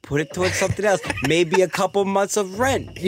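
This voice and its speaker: A man's voice: high voice, normal speed, a little hiss or hum. A man in his twenties, a podcast co-host joking in casual chat who acts out voices in his stories. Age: 20s.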